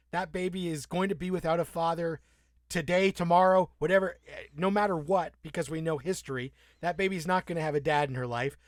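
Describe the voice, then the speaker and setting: A man co-hosting a casual TV recap podcast, talking in a profane, animated way and acting out the characters' lines as he retells scenes. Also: on the high side, no room sound, studio quality. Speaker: podcast co-host.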